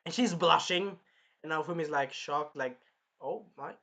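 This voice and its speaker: Young man, anime recap, bright forceful voice, slightly high, animated and swearing. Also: moderate pace. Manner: animated, swears, bursts into loud acted-out quotes. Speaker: anime reviewer and channel host. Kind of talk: casual excited episode recap.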